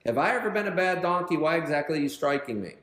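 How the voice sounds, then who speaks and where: A man voicing a hurt, indignant talking donkey in plain, quick everyday speech. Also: a little high, animated, a bit bright, roomy sound.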